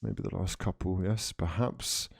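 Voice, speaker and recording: Male streamer, lowish voice, dry mic, banters casually with his viewers. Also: fairly even intonation, measured pace, gravelly, husky, dry recording. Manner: chatty and playful, calls viewers fraudulent friends. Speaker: football livestream host. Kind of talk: casual livestream chat reading comments.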